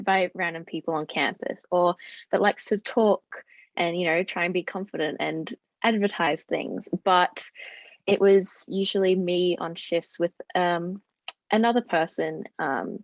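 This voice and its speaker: A woman's voice: on the low side, dry recording, muffled recording. A young Australian woman, a student on a panel, talking in a chatty, hesitant way with many fillers. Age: young adult. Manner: chatty, hesitant, lots of ums. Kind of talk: panel discussion.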